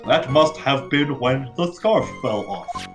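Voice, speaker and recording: A man's voice: mid-range voice, expressive, takes it slowly. A man playing a bumbling detective, music behind. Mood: plain. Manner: stumbling, casual delivery. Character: bumbling male police detective.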